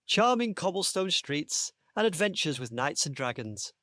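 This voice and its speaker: A man on a podcast panel reading out a comic made-up story, with a playful, deadpan delivery. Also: fairly high pitch, moderate pace, no room sound, clean studio sound.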